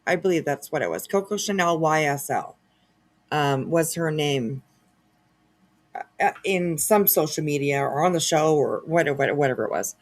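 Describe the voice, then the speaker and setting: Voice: mid-range voice, expressive, normal speed. A host giving casual reaction commentary, chatty and sarcastic with laughing asides.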